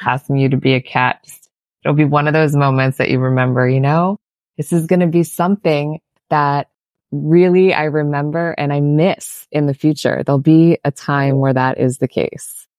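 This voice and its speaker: Deep-voiced woman host, enthusiastic; dry sound. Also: fairly even intonation, normal speed, no echo. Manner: warmly enthusiastic, exclaiming agreement. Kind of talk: casual interview chat.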